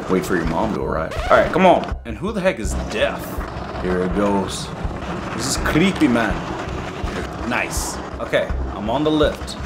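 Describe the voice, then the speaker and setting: A man in his twenties giving excitable game commentary, yelling, joking and talking to viewers. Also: fairly low pitch, measured pace. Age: 20s. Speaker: gaming YouTuber. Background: game music.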